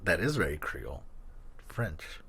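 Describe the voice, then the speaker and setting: Animated joking podcast man. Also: rumbling low, unhurried, creaky, slightly rough. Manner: joking, swears freely, animated. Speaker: podcast co-host. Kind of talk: casual chat.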